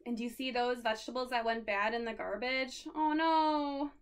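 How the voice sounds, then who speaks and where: A woman's voice: on the high side, fairly even intonation, normal speed, clean tone. A woman librarian reading a picture book aloud at a children's storytime, pointing things out along the way.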